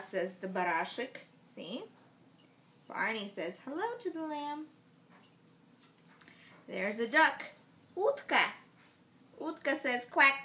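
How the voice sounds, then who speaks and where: A woman with a mother tongue reading a picture book aloud to her baby at home, making the animal sounds in a slow, sing-song way. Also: fairly high pitch, big pitch swings, bright, forceful tone.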